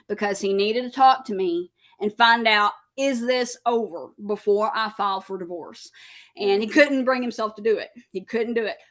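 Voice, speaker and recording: Woman, 30s, podcast guest, candid personal story, plays out old dialogue, mid pitch. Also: fairly bright tone. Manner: candid, acts out past conversations.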